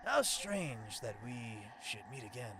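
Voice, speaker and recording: Man doing dreamy stoner bug smith, slow drawl, gravelly. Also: mid-range voice, big pitch swings, crowd noise, pitched below the performer's own voice.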